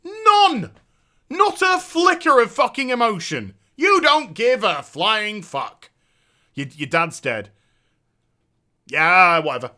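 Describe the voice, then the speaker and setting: A man's voice: sits high, wildly swooping pitch, takes it slowly, bright, forceful tone. A man hosting his own show, delivering a profane, sarcastic, exasperated rant about a video game. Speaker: host. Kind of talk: ranting game review.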